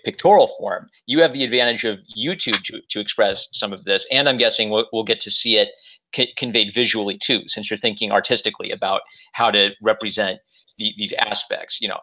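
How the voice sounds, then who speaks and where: Brief: male interview host on a call, lowish voice with a bright, forward edge. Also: poor audio. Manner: thoughtful, rambling with restarts. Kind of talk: casual interview chat.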